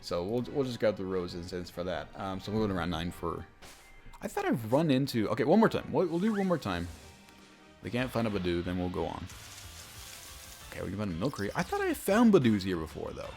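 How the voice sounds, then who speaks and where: A young man with a deep voice, chatting casually over a let's-play and telling a story, rambling with many fillers and restarts. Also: sing-song, fairly quick, creaky, darkish tone. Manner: rambling, self-interrupting, lots of fillers and restarts. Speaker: gaming YouTuber. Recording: faint background game music.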